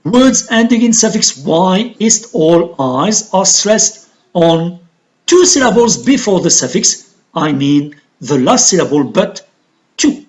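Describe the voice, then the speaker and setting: Algerian english teacher going slow through a lesson, lots of ups and downs in the voice, asks then answers itself. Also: mid-range voice, sing-song, low-quality recording. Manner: deliberate, explains step by step, asks and answers own questions. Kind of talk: recorded classroom lesson.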